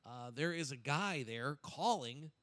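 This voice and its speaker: A man hosting a comedy podcast, telling a story in a casual, animated way. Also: medium pitch, a little slow, no room sound. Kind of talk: casual chat.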